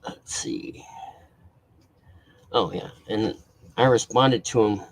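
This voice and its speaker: A man's voice: lowish voice, slow pace, long pauses, poor audio. A man hosting a casual live stream, greeting viewers and talking bluntly with plenty of swearing.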